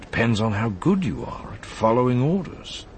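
Man voicing bored older officer, dry clipped delivery, lively pitch, audiobook, faint hiss. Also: normal speed. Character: bored older male Imperial recruiting officer.

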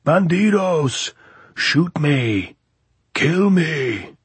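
A man voicing a defiant old guerrilla fighter at bay, deep and hoarse, shouting taunts. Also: moderate pace, no echo. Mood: taunting. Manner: shouts taunts, wry and fierce.

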